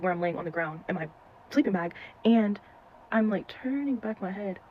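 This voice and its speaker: A woman telling a personal scary story in a casual, animated way, full of slang and swearing. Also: medium pitch. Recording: dull lo-fi with faint noise.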